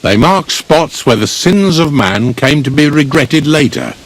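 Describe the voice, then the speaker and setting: An actor playing a blunt, grumbling village gravedigger in a video game, speaking. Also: male voice, a little high, lively intonation, a little slow. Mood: gruff.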